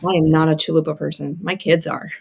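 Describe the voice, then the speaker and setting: A woman's voice: deep voice, flat delivery, quick pace, creaky, darkish tone, husky. A woman chatting casually while working on a sewing project, laid-back and a bit distracted. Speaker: guest sewing along. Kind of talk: casual chat.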